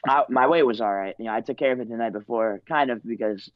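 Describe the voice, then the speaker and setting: A college wrestler in his twenties tells a story loosely and ramblingly, filling it with "you know" and "like." He speaks fast at a medium pitch. The audio is dull with no room sound.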